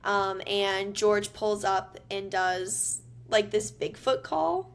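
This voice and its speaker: A woman co-hosting a podcast, casually recapping a film with relaxed ums and likes. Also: medium pitch, slow pace. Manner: easygoing storytelling with frequent ums and likes. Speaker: podcast co-host. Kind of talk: casual movie recap chat.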